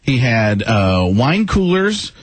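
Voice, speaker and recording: A man's voice: medium pitch, sing-song, no room sound. Joking comedian man, radio guest. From Wisconsin, USA. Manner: quick, joking, self-interrupting. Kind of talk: casual radio interview. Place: radio studio.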